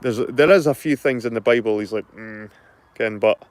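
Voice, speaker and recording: A man's voice: lowish voice, moderate pace, no echo. A middle-aged man with a Scottish accent, chatting casually to his viewers, rambling, repeating himself and swearing freely. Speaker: channel host.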